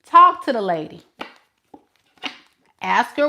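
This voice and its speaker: A young woman, a tarot reader, chatting casually to camera with playful, animated storytelling. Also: on the high side, normal speed, a little hiss or hum. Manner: animated, playful storytelling with lots of acted-out voices.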